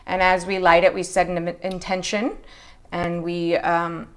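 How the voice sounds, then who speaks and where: A woman in her forties hosting a live skincare chat, talking in an emotional, chatty way, her voice jumping high when she greets viewers. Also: little pitch movement, a little slow, slight background noise. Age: 40s. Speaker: beauty show host.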